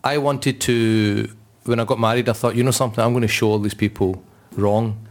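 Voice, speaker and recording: A brisk British man with a fairly low pitch, an Islamic scholar, recounts personal anecdotes during a panel. He tells them with animation, acting out each person's voice.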